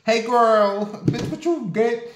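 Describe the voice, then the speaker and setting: A man putting on a shrill pushy neighbor lady. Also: slow pace, a little hiss or hum. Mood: overfriendly. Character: pushy chatty female neighbor, loud and overfamiliar. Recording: roomy echo.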